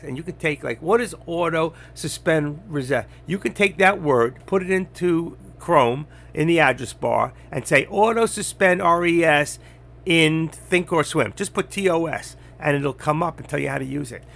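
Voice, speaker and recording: An older man talking bluntly and rambling on a trading live stream, getting louder as he teaches. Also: on the high side, animated, normal speed, gravelly. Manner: blunt, rambling, gets loud when teaching. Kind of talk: casual live-stream talk.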